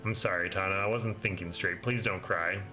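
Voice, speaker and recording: A man's voice: deep voice, steady tone, normal speed, sharp tone, faint music behind, pitched below the performer's own voice. A man reading as a brooding young prince. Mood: somber. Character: brooding young male prince, grave and gloomy.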